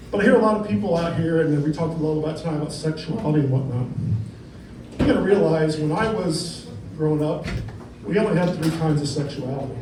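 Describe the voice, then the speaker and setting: A middle-aged man doing stand-up comedy in a comedy club, rambling and conversational, often checking in with "right?". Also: a little high. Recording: echoey room, distant mic, noisy.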